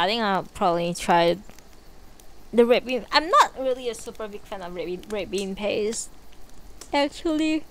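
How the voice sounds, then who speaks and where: A woman streams a book reading from home, talking slowly in a relaxed, rambling way full of fillers and asides. A faint hiss of background noise sits under her voice. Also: medium pitch. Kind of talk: book reading and casual chat.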